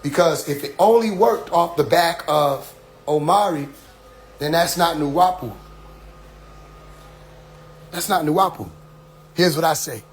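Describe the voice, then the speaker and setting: A middle-aged man giving a casual, preachy spoken address to his followers, often asking "you see?" and dropping into quiet asides. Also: fairly high pitch, measured pace, long pauses, slight background noise. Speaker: community leader addressing followers.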